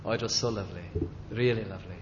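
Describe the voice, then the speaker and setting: An older man preaching and reminiscing gently, halting often as he recalls details, in a dull lo-fi recording. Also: fairly low pitch, steady tone, slight background noise. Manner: gentle, halting, with many fillers and restarts. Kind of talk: reminiscing sermon.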